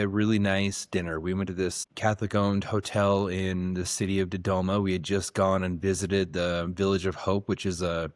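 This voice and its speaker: A middle-aged man, a dentist co-hosting a podcast, telling stories in a warm, sincere way with halting restarts. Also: sits low, dry recording, clean studio sound. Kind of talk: reflective podcast conversation.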